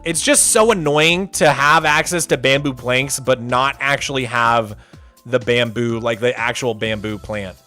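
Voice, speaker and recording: A man's voice: medium pitch, a little slow, sharp tone, faint music behind. A young man hosting a live stream in casual chat, reading and answering viewer messages. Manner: chatty, reads chat aloud, loose restarts. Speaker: streamer host.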